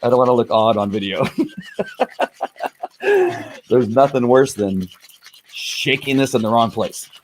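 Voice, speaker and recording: A man's voice: mid-range voice, normal speed, background noise. A man chatting casually on a live stream, rambling through a product review with restarts and chuckles.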